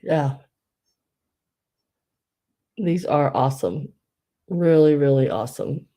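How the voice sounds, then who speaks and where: A middle-aged woman talks her way through a live online auction, chatty and gushing as she calls out bids and counts down to the sale. Her voice sits a little low and sounds warm and mellow rather than bright. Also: expressive, slow. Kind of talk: live-stream sale chat.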